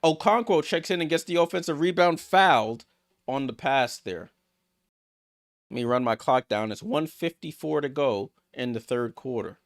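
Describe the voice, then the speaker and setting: A man hosting a live watchalong stream, calling basketball play-by-play and reacting excitedly to each play. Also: medium pitch, normal speed. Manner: excitable, rattles off passes, reacts aloud. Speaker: watchalong host.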